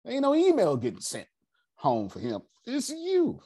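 Man running a class with a dark, husky voice, digressive storyteller. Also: very high voice, unhurried. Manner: animated, digressive, addresses the audience directly. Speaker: class leader. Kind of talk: casual teaching and storytelling.

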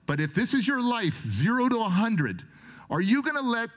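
High-voiced emotional motivational speaker. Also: male voice, sing-song, normal speed. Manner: storytelling, dramatic, swings from loud to soft.

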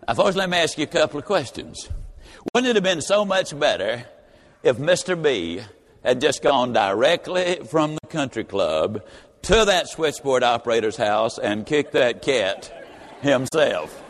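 Animated male speaker in a reverberant hall. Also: mid-range voice, measured pace. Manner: animated, acts out every character. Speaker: motivational speaker. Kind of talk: motivational speech with acted-out story.

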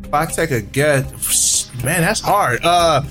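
A man on a podcast plays a trivia game, thinking aloud and hesitating before his answers. He talks slowly, and his voice is a bit high and lively. Faint music plays behind him. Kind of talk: casual chat.

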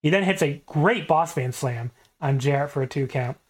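A podcast host casually recapping a match, telling it in an animated way and laughing often. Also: mid-range voice, normal speed. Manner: animated retelling with frequent laughter.

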